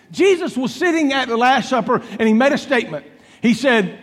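A man preaching a sermon, telling a Bible story dramatically and acting out its dialogue with swings between loud and soft. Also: very high-pitched, lively intonation, moderate pace, in a large hall. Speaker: pastor.

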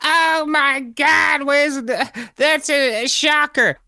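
A man putting on a fussy, pompous airline passenger in a high drawling mockery. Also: slow, pushed and bright, no echo, studio quality, full character voice. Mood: mocking.

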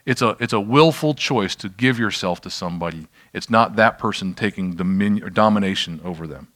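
Male pastor, lowish voice, chatty self-deprecating teaching to a room of people. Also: a little fast, a bit bright. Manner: conversational, self-deprecating, checks in with the audience. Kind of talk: informal sermon teaching. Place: church room with an audience.

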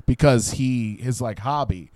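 A young man telling a playful made-up story to his podcast co-host. His voice sits at an ordinary middle pitch and is recorded dry and close, with no room sound. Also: measured pace, a little mellow, no echo. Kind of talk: casual comedic chat.

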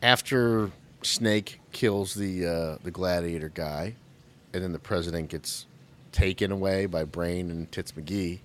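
A man's voice: sits low, unhurried, slight background noise. A man co-hosting a podcast, chatting casually about a movie, joking and acting out quotes in raised voices. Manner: animated, jokey, acts out quotes in raised voices. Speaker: podcast co-host.

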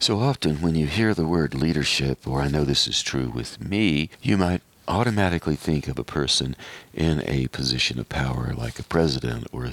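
Deep gravelly radio host, measured. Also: male voice, fairly bright tone, dry recording. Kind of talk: reflective radio talk.

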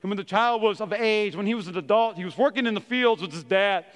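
A man's voice: high voice, fast talker, in a large hall. A middle-aged man, a pastor, preaching a sermon in a church, telling funny family stories and acting out the quotes in them. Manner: animated storyteller, acts out quotes.

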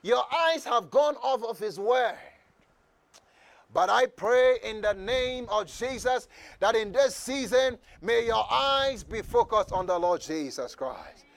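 A male pastor preaching with fervent intensity, his voice strikingly high and gravelly. He swings from low earnest passages to shouted calls for the congregation to echo his words. The sound is dry and close. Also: animated, slow. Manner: fervent preaching, rising to shouts and call-and-response. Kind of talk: sermon.

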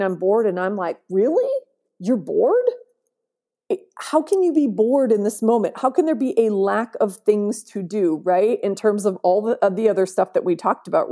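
Woman guest on an interview podcast, warm and mellow tone, earnest and emphatic. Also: medium pitch. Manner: earnest, emphatic, often asks "right?". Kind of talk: conversational interview.

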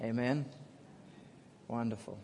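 A man's voice: mid-range voice, slow, gravelly, warm tone, a little hiss or hum. A man preaching a sermon in a casual, jokey storytelling manner, calling out to the congregation for responses. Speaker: pastor. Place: church. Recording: long church hall reverb.

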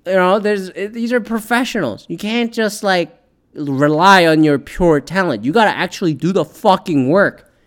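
A man's voice: sits high, lively intonation, normal speed, fairly bright tone. A man ranting casually about football, profane and sarcastic, with lots of fillers and asides. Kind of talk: casual opinionated sports rant.

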